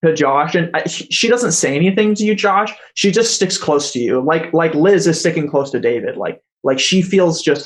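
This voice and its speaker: A man narrating as game master, hesitant and correcting himself as he goes. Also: a little high. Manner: hesitant, many fillers and self-corrections.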